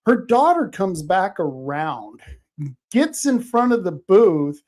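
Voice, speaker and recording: Man, show host, blunt, animated storytelling, casual chat. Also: sits high, slow. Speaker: host, independent journalist.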